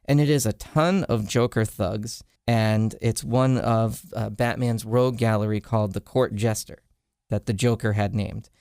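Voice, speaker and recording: A man's voice: on the low side, steady tone, normal speed, darkish tone, clean tone, no echo, studio quality. A man hosting a podcast, casually retelling a comic storyline with lots of "uh" fillers. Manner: rambling retelling with frequent "uh" fillers. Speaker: podcast host.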